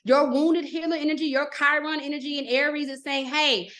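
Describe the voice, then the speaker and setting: A middle-aged woman teaching an astrology class in a chatty, animated way, often checking in with "okay?" and acting out little quotes. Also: high voice, a little fast. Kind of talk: live class, casual teaching.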